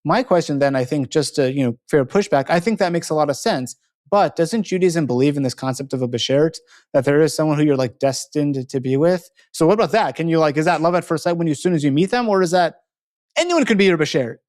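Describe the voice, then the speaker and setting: A young podcast host from Montreal rattles along at a quick clip. His voice sits a little high for a man, and he rambles through his stories in a loose, casual way. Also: a little mellow. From Montreal, Canada. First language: English. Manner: rambling, many fillers and restarts, laughs easily. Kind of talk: casual interview chat.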